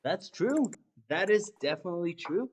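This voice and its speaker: A man's voice: sits high, animated, normal speed, a little mellow, slight background noise. A man hosting a live-streamed game show, introducing each player in a casual, chatty way with frequent ums. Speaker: host.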